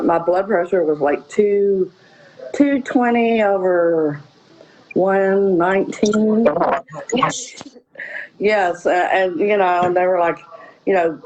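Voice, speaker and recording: A woman's voice: lowish voice, darkish tone, lo-fi sound, a little hiss or hum. A woman telling her own story in a casual interview, rambling with many "you know" fillers. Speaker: guest.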